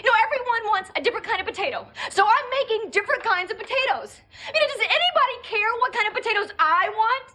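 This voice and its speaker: An actress playing a frazzled young woman ranting about hosting a holiday dinner, exasperated and fast-talking, in a sitcom clip. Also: extremely high pitch, animated, sharp tone, heavily acted.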